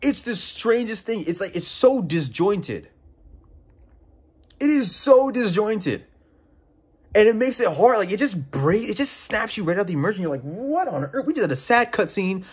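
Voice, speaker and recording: A man's voice: high voice, expressive, normal speed, breathy edge. A young man giving casual game commentary, exasperated and profane, often incredulous. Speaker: game reviewer.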